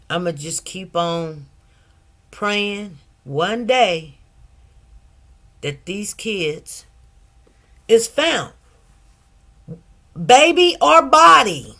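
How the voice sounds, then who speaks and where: Slow, rambling middle-aged woman storyteller. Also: medium pitch, a bit bright. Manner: rambling, repeats herself, many asides. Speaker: commentary channel host. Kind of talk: casual storytelling monologue.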